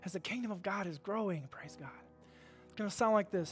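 A man's voice: high-pitched, a little fast, faint music behind. A man, a pastor leading a church service with upbeat, folksy talk. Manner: upbeat, folksy, says amen a lot. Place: church sanctuary.

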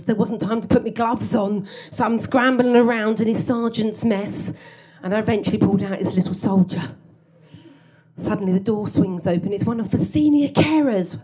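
A woman's voice: medium pitch, mellow, husky. A woman telling a comic story from her own life on stage, wry and self-mocking, often laughing through her lines.

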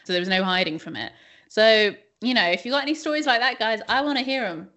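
A young woman co-hosting a podcast, telling stories in a chatty, animated way with many fillers. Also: a little high, quick pace. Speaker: podcast co-host. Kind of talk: casual chat.

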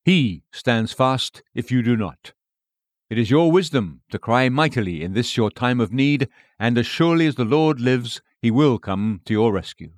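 A man reading an old sermon aloud in a measured, solemn way. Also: mid-range voice, lively intonation, no echo, clean studio sound. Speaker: preacher.

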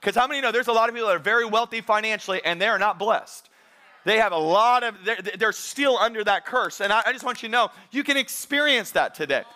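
A man's voice: sits high, quick pace, pushed and bright. A man preaching a sermon as pastor, talking conversationally to his congregation and reading scripture aloud with emphasis.

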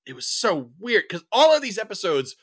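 A man's voice: sits high, very animated, moderate pace, slightly rough. A man co-hosting a podcast in casual chat, recapping with plenty of "like" and "you know" and laughing often. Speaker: podcast co-host.

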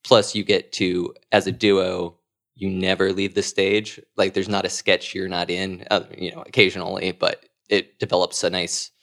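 A man, a sketch comedian, talking through his craft in a casual interview, thoughtful and quick to laugh. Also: deep voice, level tone, a bit bright. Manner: thoughtful, laughs often, quoting himself in asides.

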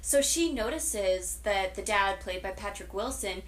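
A young woman co-hosting a casual podcast at home. She retells a movie plot with animated, dramatic storytelling, pitched in a middle register. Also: unhurried. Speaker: podcast co-host.

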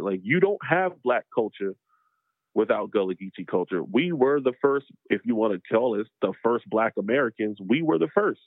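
A man's voice: fairly low pitch, no room sound. Man from South Carolina on a tinny line. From North Charleston, South Carolina. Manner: emphatic, explanatory. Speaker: podcast guest. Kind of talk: conversational interview. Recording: dry, phone-like sound.

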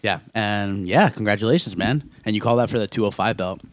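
A man co-hosting a podcast, relaxed and wry, introducing the next segment. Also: fairly low pitch, brisk, no echo. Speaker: podcast co-host. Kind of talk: casual podcast chat.

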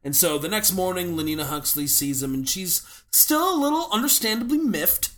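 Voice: mid-range voice, expressive, brisk, a bit bright. A co-host of a movie podcast who recaps the plot in casual chat and giggles often.

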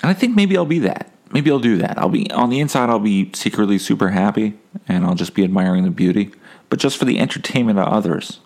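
A man's voice: deep voice, lively intonation, fast, gravelly, a little mellow. A man hosting a casual solo podcast, rambling and wry, swearing freely. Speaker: podcast host.

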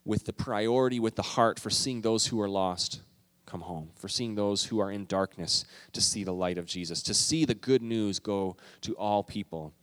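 A man's voice: lowish voice, normal speed, fairly bright tone. A man preaching a sermon as pastor, telling a story in an earnest, emotional way with emphatic rises in his voice.

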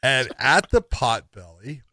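Animated middle-aged man telling fight stories. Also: mid-range voice, unhurried, no room sound. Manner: animated storyteller, laughs while telling. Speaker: co-host of a fight talk show. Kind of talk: casual chat and fight analysis.

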